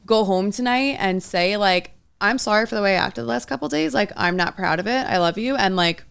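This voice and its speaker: A woman's voice: medium pitch, fairly quick, vocal fry, fairly bright tone, clean tone. A young woman co-hosting a podcast as a coach, talking in an earnest, rambling way full of "like". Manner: earnest, rambling, heavy use of "like". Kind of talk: casual chat.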